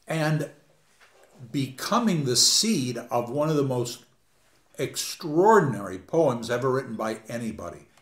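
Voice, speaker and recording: A man giving a conference lecture on poetry, emphatic and dramatic, with wide swings in loudness. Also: mid-range voice. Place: conference hall. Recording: echoey conference hall.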